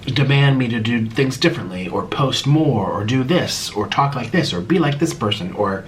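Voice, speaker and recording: A young man talking to his viewers in a casual vlog, his pitch leaping up and down as he swings from exasperated to mocking. A faint hiss of noise sits under his voice. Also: normal speed. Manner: animated, dramatic swings between exasperated and mocking. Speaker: YouTuber hosting a Q and A. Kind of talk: casual vlog talk to camera.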